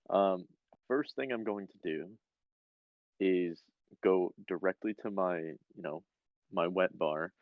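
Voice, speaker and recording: A man's voice: deep voice, no echo. A man playing in a tabletop game, casually stating what his character does. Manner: laid-back, declares his character's actions. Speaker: player. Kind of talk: casual tabletop role-play. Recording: dull lo-fi mic.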